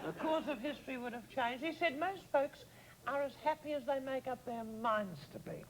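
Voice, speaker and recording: Man as a vain theatrical dame host, arch, high, noisy studio crowd. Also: moderate pace. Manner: arch, theatrical, mock-grand. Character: grand, vain older woman host. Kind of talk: talk show hosting in character. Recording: studio audience behind.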